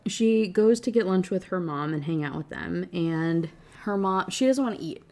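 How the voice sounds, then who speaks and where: A woman rants her way through a book review in a loose, chatty flow, swearing freely and tossing in fillers as she goes. Her voice sits a little low, with a dark, mellow tone. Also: expressive, normal speed. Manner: blunt, profane, chatty with frequent fillers. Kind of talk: casual ranting book review.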